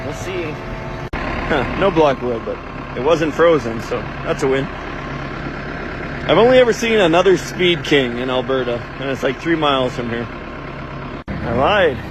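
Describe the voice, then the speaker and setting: A man's voice: on the high side, background noise. A man, a farmer narrating his own shop project in a dry, muttering, self-deprecating way with offhand swearing. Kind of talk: casual project vlog narration.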